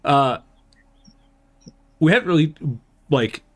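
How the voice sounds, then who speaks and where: A man's voice: a little high, animated, takes it slowly. Easygoing man hosting a game. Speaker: game master, host.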